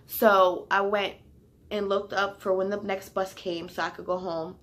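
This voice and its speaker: A young woman casually telling a storytime, animated and heated, with slang and swearing, sometimes sinking to a near whisper. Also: mid-range voice, unhurried. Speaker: vlogger.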